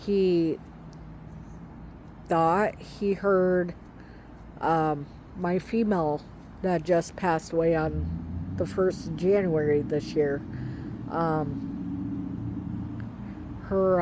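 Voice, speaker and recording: A woman vlogger in middle age tells a story outdoors, slowly and hesitantly. Her voice sits a little low, and she fills her pauses with ums and likes. Faint outdoor noise runs under her voice. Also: a little mellow. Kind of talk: casual storytelling to camera.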